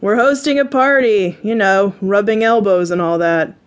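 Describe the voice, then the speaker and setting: Lines for a cocky young male actor in a storybook romance, voiced in a relaxed, offhand way by a woman reading them, with a mid-range pitch and nothing exaggerated. He brushes off worries with easygoing confidence. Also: moderate pace, natural voice. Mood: careless.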